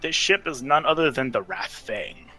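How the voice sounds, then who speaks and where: A man narrating as game master of a tabletop game, excitable and quick to exclaim. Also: medium pitch, loud music behind the voice, rough recording.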